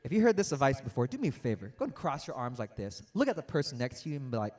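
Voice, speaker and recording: A young adult man giving an animated, interactive motivational speech to a youth audience, telling stories and acting out quotes. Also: mid-range voice, racing. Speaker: motivational speaker.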